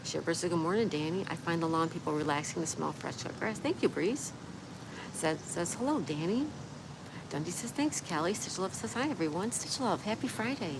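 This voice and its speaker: Woman hosting a live stream, reading out comments, kinda low voice, noisy background w/ cars going by. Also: fairly quick. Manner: reads viewer comments aloud and answers them chattily. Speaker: livestream host. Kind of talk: casual live-stream chat. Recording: steady background noise with passing traffic.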